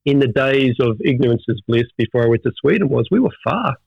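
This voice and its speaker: Gravelly Australian man telling stories. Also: mid-range voice, a little fast, dry recording. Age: middle-aged. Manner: animated storyteller, many restarts. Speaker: firefighter guest. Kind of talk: casual interview chat. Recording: dull dry audio.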